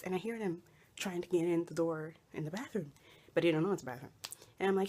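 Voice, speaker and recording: Young woman, husky lowish voice, chatty vlog storyteller who acts out her own lines. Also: a little fast. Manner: animated, acts out quotes, laughs often. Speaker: vlogger. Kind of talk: casual storytelling.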